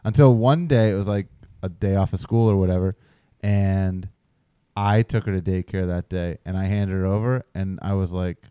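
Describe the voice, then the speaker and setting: A man in his thirties co-hosting a podcast, telling a story in a relaxed, casual way with quick restarts. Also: sits low, clear, resonant tone, no echo. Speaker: podcast co-host. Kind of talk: casual chat.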